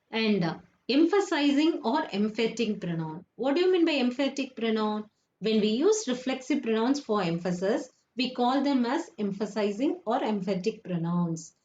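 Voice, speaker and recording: A woman's voice: a little high, a little mellow. A woman teaching children a grammar lesson, often repeating points and asking if they understood. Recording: echoey room, dull lo-fi sound.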